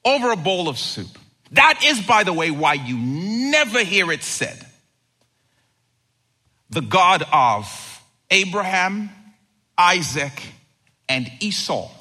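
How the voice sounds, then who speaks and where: A man preaching a sermon as pastor, animated, acting out quoted lines and swinging from loud to hushed. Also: sits high, slow, long pauses, husky. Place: church sanctuary. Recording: long reverb of a large hall.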